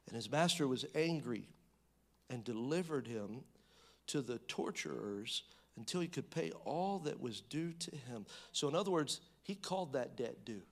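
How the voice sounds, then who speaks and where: A man preaching a sermon, swinging between loud emphatic bursts and hushed, low reading of scripture, with conversational asides and restarts. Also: animated, moderate pace.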